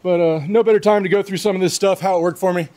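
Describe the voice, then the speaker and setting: A man's voice: high voice, fairly even intonation, fast talker, dark tone. A man on a casual gear review vlog, talking loosely and swearing freely, out of breath after a long ruck march, outdoors with a clip-on mic. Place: outdoors in his front yard.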